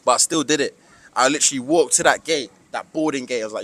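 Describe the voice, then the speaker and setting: A young British vlogger with a British accent delivers an emphatic, preachy motivational monologue to camera, full of slang. He talks fast, his medium-pitched voice fairly bright.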